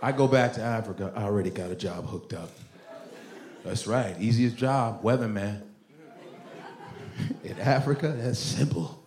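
A male stand-up comedian telling a profane, animated routine. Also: fairly low pitch, measured pace, long pauses. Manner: animated, profane, jumping into voices. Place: comedy club stage. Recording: roomy club with loud audience.

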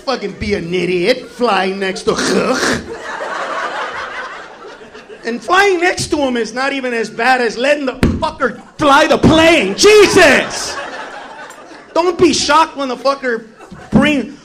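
A man doing stand-up comedy, brash and profane, shouting his punchlines. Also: extremely high pitch, lively intonation, takes it slowly, pauses often.

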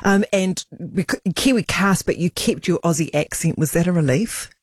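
A woman interviewing an actress, chatty and conversational with quick follow-up questions. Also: on the low side, breathy edge, dry recording, studio quality.

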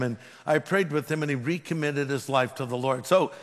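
A man's voice: on the high side, brisk. A man who is a pastor, preaching a sermon with emphatic delivery and humorous storytelling. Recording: long hall reverb.

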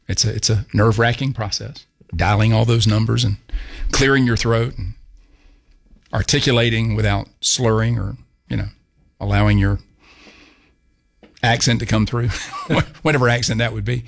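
A man's voice: on the low side, fairly even intonation, moderate pace, vocal fry, pauses often. A man hosting a call-in talk radio show in a studio, joking and chuckling between his questions.

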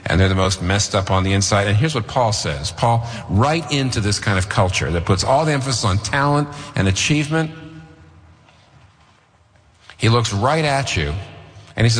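A man's voice: lowish voice, expressive, normal speed, long reverb tail. A man preaching a sermon, emphatic and rhetorical, repeating phrases for effect. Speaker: pastor.

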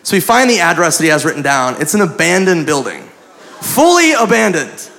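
Gravelly-voiced male stand-up comic. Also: fairly high pitch, huge pitch swings, a little fast, fairly bright tone. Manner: acts out quoted dialogue, crude and profane. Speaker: stand-up comedian. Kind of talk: stand-up storytelling. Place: comedy club stage before a live audience. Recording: live club recording with audience laughter and noise.

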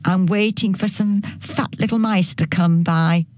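A woman's voice: medium pitch, fairly even intonation, a little mellow, no room sound, lightly acted. Woman reading as a lazy, fussy storybook cat. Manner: fussy excuses, rushed. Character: lazy, self-absorbed female cat.

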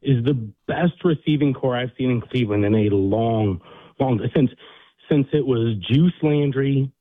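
A man calls in to a sports show over a tinny phone line with a dry, close sound. He talks in relaxed fan banter that gets excited. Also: mid-range voice, measured pace, dry recording. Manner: laid-back, emotional fan banter. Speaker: caller. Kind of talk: casual call-in chat.

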